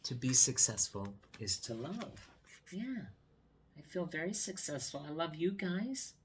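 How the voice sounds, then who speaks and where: A man, a teacher, reading a picture book aloud to children in a gentle, coaxing way with soft whispered asides. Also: on the high side, very animated, unhurried, slight background noise.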